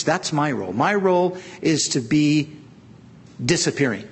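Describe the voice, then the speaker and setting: A middle-aged man preaching with slow, deliberate pacing and long pauses between phrases. He drives his points home with earnest emphasis. A faint ambient hiss sits under his voice. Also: on the high side, lively intonation. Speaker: pastor. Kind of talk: sermon.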